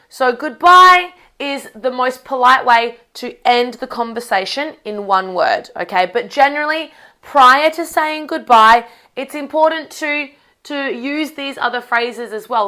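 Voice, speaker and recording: A woman teaching an online English lesson, speaking slowly and clearly with a lively, teacherly delivery. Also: sits high.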